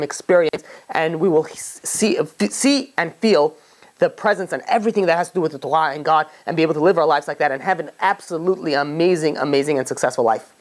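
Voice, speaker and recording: A rabbi giving a storytelling sermon, who acts out the voices of the people in the story. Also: male voice, on the high side.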